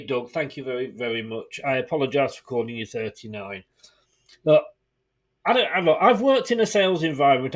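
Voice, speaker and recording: A man from England hosting a football fan live stream, greeting viewers and ranting with frustration and swearing. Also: sits high. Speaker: fan channel host.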